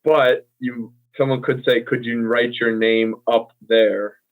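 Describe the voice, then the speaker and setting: A man's voice: mid-range voice, little pitch movement, takes it slowly. An American man explaining English usage in a casual teaching chat, hesitant and full of ums as he corrects himself. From United States. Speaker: co-host and English tutor. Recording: tinny phone-like call audio.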